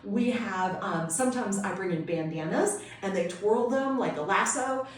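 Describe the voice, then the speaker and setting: A woman's voice: medium pitch, expressive, normal speed. A woman homeschool tutor explaining classroom teaching ideas in an upbeat, enthusiastic way for an instructional video. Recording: very echoey room, distant mic.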